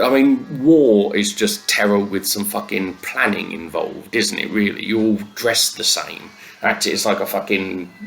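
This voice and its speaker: A comedian going through the news in a sweary, sardonic rant full of fillers and restarts. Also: male voice, on the low side, vocal fry, slight background noise.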